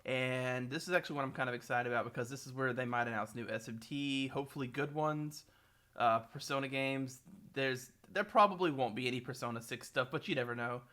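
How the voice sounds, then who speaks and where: Man, streamer, casual reaction commentary, rambling, bright tense tone. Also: medium pitch, brisk. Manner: chatty, rambling, easily baffled. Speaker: streamer reacting to a game broadcast.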